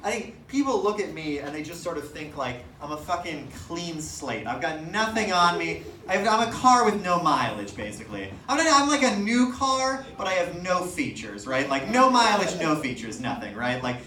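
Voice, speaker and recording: A young man doing stand-up comedy on a stage, telling self-mocking stories in an animated, laughing way. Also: on the high side, moderate pace, hardly any pauses, slight background noise. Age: young adult. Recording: echoey room from a distant mic.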